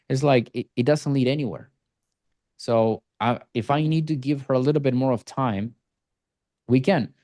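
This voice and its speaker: Male sales coach, mellow tone, blunt and profane, teases students. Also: mid-range voice. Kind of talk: group coaching call.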